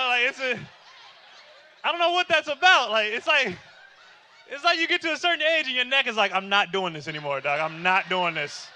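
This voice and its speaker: Man, thirties, stand-up comedian, casual filler-heavy delivery, rhetorical questions, high-pitched, sharp bright tone. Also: slight background noise. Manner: loose and conversational with many fillers; asks the audience rhetorical questions.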